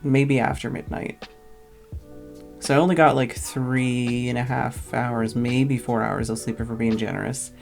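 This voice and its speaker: A woman's voice: very deep voice, fairly even intonation, unhurried, gravelly, darkish tone, faint music behind. A tired woman streamer telling a long, casual story, rambling and full of "like" fillers.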